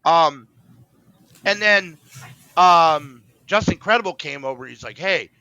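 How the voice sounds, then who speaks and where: A man's voice: a little high, expressive, slow pace, pushed and bright, no room sound, dull audio. A man co-hosting a podcast, telling a rambling story in casual chat, full of fillers and restarts and acting out the voices he quotes. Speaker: podcast co-host.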